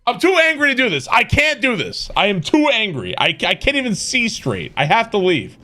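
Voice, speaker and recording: High-voiced swearing streamer ranting. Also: male voice, huge pitch swings, moderate pace, pushed and bright. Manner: exasperated, profane ranting. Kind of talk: casual gameplay commentary.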